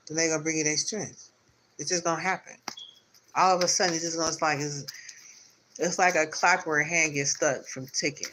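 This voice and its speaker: A man's voice: fairly high pitch, steady tone, a little fast, noisy background. A man giving a spiritual tarot reading on a live stream, talking in loose, repetitive, encouraging circles. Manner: rambling, repetitive, spiritual pep talk. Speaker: tarot reader.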